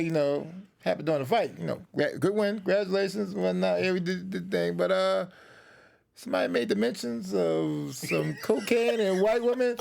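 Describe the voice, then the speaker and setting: A man who is a fighter, a guest on a podcast, telling stories in a relaxed way and often tacking "and whatnot" onto his sentences. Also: high voice, normal speed, creaky. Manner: laid-back storytelling, often says "and whatnot". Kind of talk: casual chat.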